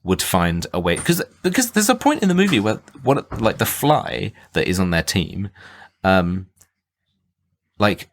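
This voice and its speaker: Deep-voiced man rambling about a film. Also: big pitch swings, a little slow. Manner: rambling, many fillers and restarts, laughs often. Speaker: podcast co-host. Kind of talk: casual film review chat.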